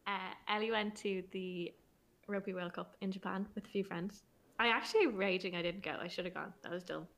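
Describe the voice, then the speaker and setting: A woman's voice: mid-range voice, steady tone, fairly quick, fairly bright tone. A young Irish woman in her twenties hosting a podcast, chatty and giggly, rambling with many fillers. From Ireland. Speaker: podcast host. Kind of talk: casual chat.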